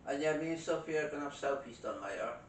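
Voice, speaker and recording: A British man chats and teases his way through a paranormal livestream, laughing easily. He sits back from the mic in a roomy, echoing space with a faint rumble underneath. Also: animated, quick pace, distant mic. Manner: laughs often, teasing and chatty. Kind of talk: casual livestream chat.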